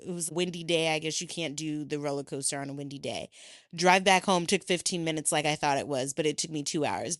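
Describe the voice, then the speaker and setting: A young adult woman hosting a podcast, telling a personal story in a casual, animated way, swearing freely and acting out what people said. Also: low-pitched, no room sound, clean studio sound. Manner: animated, swears freely, acts out quoted voices. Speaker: podcast host.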